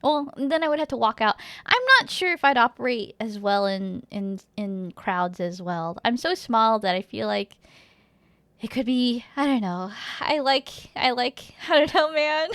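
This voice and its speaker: A woman's voice: on the high side, unhurried, fairly bright tone, dry recording. A woman streamer chatting casually with her viewers in a rambling, giggly way, reading chat aloud and humming now and then.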